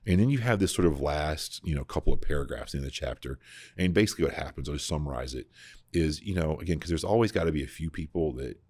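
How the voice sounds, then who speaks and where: Very deep-voiced, husky man teaching casually. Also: quick pace, no room sound. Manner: animated, full of restarts and repeated words. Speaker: podcast host discussing scripture. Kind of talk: casual conversational Bible teaching.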